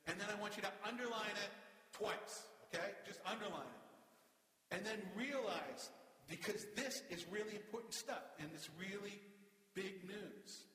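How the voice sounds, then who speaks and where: A man preaching a sermon as pastor, animated and emphatic, slowing down to stress key words. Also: high-pitched. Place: church. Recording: echoey church hall.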